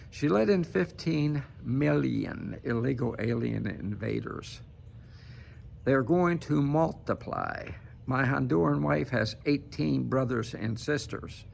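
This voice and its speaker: Gravelly man ranting to camera. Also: mid-range voice, a little hiss or hum. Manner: emphatic, keeps tagging "okay?". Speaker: political commentator. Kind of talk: casual political commentary to camera.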